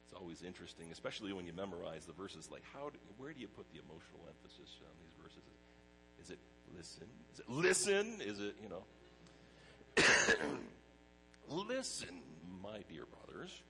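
Male pastor, sermon, conversational storytelling, low voice, animated delivery. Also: fairly quick, a little hiss or hum, rough recording. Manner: conversational preaching with personal anecdotes.

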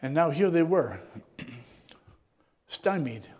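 Man preaching, reflective sermon, high voice, throat clearing, long hall reverb. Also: expressive, drawn-out words. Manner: reflective, often clears his throat, voice dropping low and soft at times. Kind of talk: sermon with scripture reading.

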